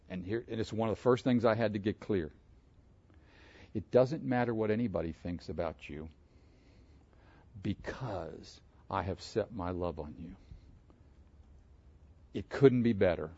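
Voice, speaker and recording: A man preaching an interactive sermon, asking his congregation questions in an animated way. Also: fairly low pitch, measured pace, long pauses, dull audio. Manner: animated, asks the room questions. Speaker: pastor.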